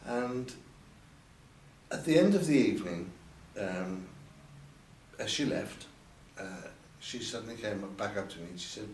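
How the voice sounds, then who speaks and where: An older man's expressive voice, on the low side and a little mellow, moves at a measured pace as he recalls his past in a candid interview at an event venue. He hesitates, repeats words, and lifts his voice when quoting others. A distant mic gives roomy sound, faint ambience, and a little hiss or hum.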